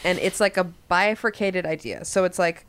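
A woman's voice: on the low side, moderate pace. A woman co-hosting a comedy podcast in casual chat, acting out quoted lines in different voices, with a New York accent. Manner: animated, acts out quotes in varied voices. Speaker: podcast co-host.

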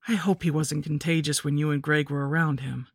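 A woman's voice: low voice, fairly even intonation, brisk, slightly rough, no room sound, clean studio sound. A woman voicing a worried mother talking to her teenage child in a horror story reading. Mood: concerned. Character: worried mother, middle-aged.

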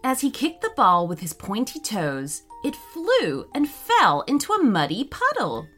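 Slow, expressive woman reading a kids' story. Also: fairly high pitch, soft background music. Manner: slow, expressive read-aloud. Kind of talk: children's story narration.

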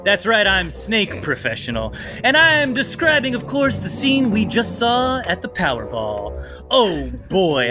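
A man voicing a cheesy male trailer announcer who teases what comes next with dramatic flair. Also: high-pitched. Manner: dramatic trailer-style teasing.

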